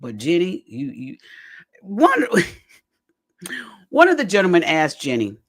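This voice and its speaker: A talkative podcast host runs through a reality show episode in casual commentary and speaks straight to the audience. The voice is animated and bounces widely in pitch. Phrases come back again and again for emphasis. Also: slow. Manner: addresses listeners directly as "y'all".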